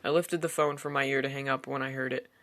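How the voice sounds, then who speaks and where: A man's voice: mid-range voice, level tone, quick pace, fairly bright tone, slight background noise. A man reading a first-person horror story aloud in a tense storytelling manner. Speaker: narrator. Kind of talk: scripted horror story narration.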